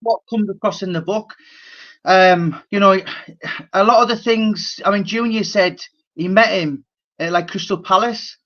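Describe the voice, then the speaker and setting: A man's voice: high-pitched, measured pace, fairly bright tone. A man interviewing a guest in casual chat, talking hesitantly with fillers. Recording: dull lo-fi sound.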